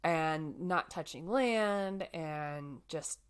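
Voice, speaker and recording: A woman's voice: low voice, very slow, smooth. Chatty young woman telling a story. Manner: chatty, animated storyteller with frequent "like" fillers. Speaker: podcast co-host telling a life story. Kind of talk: casual chat.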